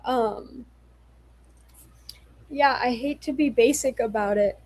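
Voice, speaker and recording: Young woman streamer, a little tipsy, unhurried and giggly, dry close sound. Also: on the high side, a little mellow, no room sound, poor audio. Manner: giggly, apologetic, swears casually. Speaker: livestreamer. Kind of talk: casual livestream chat reading viewer comments.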